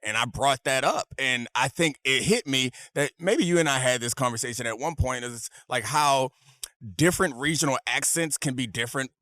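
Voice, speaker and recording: A man's voice: medium pitch, normal speed, no room sound. A man co-hosting a casual sports chat, talking eagerly and laughing often at a fan event. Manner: chatty, laughs often, rising excited tone. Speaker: co-host.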